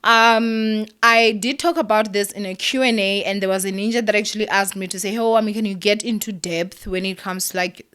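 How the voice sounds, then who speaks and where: A young woman vlogger talks candidly to her viewers, heartfelt, emotional, and close to tears, with lots of ums and likes. Her medium-pitched voice is clear, resonant, and a bit bright, with fairly even intonation, a fairly quick pace, and few pauses.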